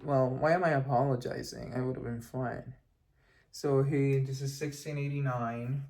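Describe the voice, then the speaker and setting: A man who lectures on history and hosts a channel gives a casual, explanatory lesson in a mid-range, somewhat creaky and mellow voice at a moderate pace with fairly even intonation. He's chatty and digressive, breaking off for joking asides and correcting himself as he goes.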